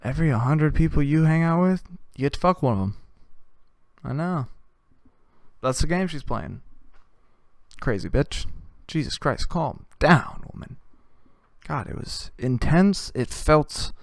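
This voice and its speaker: A man hosting a comedy show, telling a crude, rambling story with deadpan delivery. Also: fairly high pitch, measured pace, long pauses, no room sound, clean studio sound.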